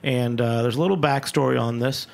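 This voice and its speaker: A man's voice: medium pitch, fairly even intonation, a little fast, gravelly. A man hosting a radio talk show in a studio, enthusiastic and rambling, often repeating himself. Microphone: studio microphone.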